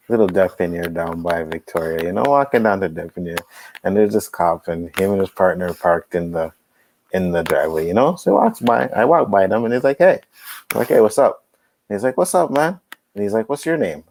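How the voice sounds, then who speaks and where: A man's voice: low voice, a little mellow, a little hiss or hum, rough recording. Laid-back man saying "bro" a lot. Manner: laid-back, says "bro" and "you know what I mean", lots of mm-hmms. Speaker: podcast co-host. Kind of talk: casual storytelling chat.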